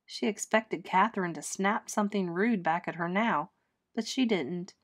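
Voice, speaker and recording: A woman teacher reading a children's chapter book aloud with clear, expressive storytelling. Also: medium pitch, moderate pace.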